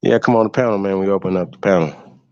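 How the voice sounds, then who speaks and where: Low-voiced guy ranting on his stream, cussing and laughing, dull dry lo-fi sound. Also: fast talker, a little mellow, dry recording. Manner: profane, mocking, laughs often. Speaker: host. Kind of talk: casual livestream rant.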